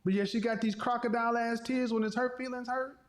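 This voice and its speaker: A man with a high voice lectures a caller bluntly on an advice show. His manner is confrontational and he swears freely. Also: steady tone, fast talker, soft background music. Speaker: relationship talk show host.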